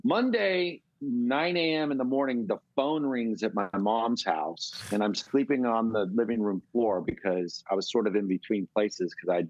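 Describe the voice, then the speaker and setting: A middle-aged man from California, telling a long, animated story as a guest in a casual interview. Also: on the low side, normal speed, hardly any pauses, no echo, muffled recording. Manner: rambling, animated storytelling with swearing. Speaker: guest musician.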